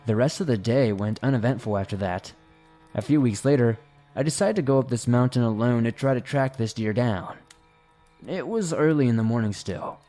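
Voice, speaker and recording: A man narrates scary stories sent in by listeners, his voice dark and mellow. He slows right down and goes quiet at the eerie moments. Faint music plays underneath. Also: mid-range voice. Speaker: horror story narrator.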